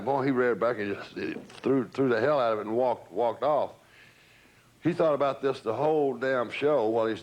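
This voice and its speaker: An older man, recounting old stories in an interview, animated and acting out what people said. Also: mid-range voice, low-quality recording. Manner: animated storyteller who acts out quotes. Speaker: interviewee, former entourage member. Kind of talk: storytelling reminiscence.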